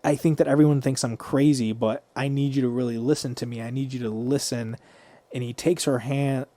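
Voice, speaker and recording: A man's voice: mid-range voice, fairly even intonation, brisk, warm tone, no room sound. A man co-hosting a podcast, casually retelling a movie scene by scene and swearing freely. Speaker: podcast co-host.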